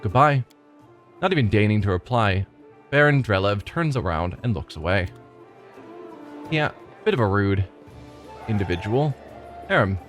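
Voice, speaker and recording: A man's voice: fairly low pitch, lively intonation, moderate pace, long pauses, soft background music. A man hosting a let's play, reading the game's dialogue aloud and adding dry asides of his own. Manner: reads lines aloud, slips and restarts, dry asides.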